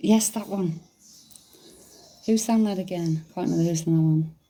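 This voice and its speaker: A middle-aged woman, chatting casually on a livestream, excitable, laughing often and swearing freely. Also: on the low side, moderate pace. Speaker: psychic medium livestreamer. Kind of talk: casual livestream chat reading comments.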